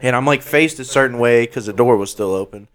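A man's voice: mid-range voice, brisk. A man co-hosting a podcast, telling a profane bar story with laughter and energy. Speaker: podcast co-host. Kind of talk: casual storytelling chat.

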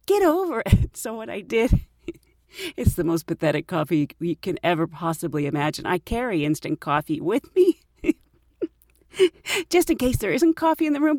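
Animated lady host with a bouncy voice, chatty and self-mocking, dry close sound. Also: a little high, no echo. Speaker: podcast host. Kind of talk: casual storytelling chat.

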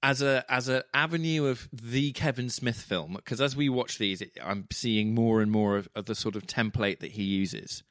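A man's voice: mid-range voice, normal speed, hardly any pauses, a bit bright, dry recording. A man in the middle of his range, co-hosting a casual film podcast. He rambles through his thoughts with lots of restarts and fillers, swears freely and teases his co-host. The sound is close and dry, with no room around it.

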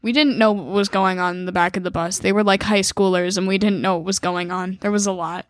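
A woman's voice: medium pitch, fairly even intonation, a little fast, no echo. Laid-back young woman, dry quips. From upper Midwest, USA. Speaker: podcast co-host. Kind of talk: casual chat.

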